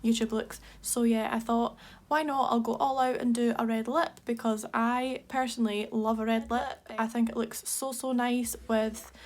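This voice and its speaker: Young Scottish woman, makeup artist, chatty and enthusiastic, pitched a touch high. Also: fairly even intonation, normal speed. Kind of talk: casual makeup tutorial chat.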